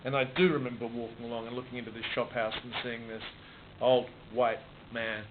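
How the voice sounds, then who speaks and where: Australian man in his 60s, halting. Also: medium pitch, flat delivery. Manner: halting, with frequent restarts and repeated words. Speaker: author being interviewed. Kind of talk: reflective conversational storytelling. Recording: muffled phone-like recording with noise.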